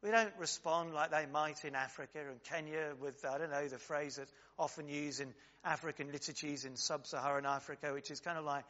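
A man's voice: on the high side, fairly even intonation, a little fast, few pauses, sharp tone. A man preaching an earnest, reflective sermon with frequent fillers and asides, recorded in a dull, reverberant church.

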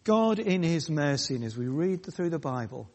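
A male preacher delivers a sermon with a somewhat high voice. He talks in short, emphatic phrases and often repeats himself for weight. His voice rings with a long reverb, as if recorded in a large church hall. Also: sing-song, darkish tone. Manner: emphatic, repetitive, pausing phrases.

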